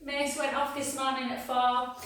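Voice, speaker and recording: A woman's voice: high voice, level tone, normal speed, fairly bright tone. A middle-aged English woman leading a workout class, chatting and gossiping between counting reps and giving cues. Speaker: fitness instructor. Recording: echoey room, voice from a distance.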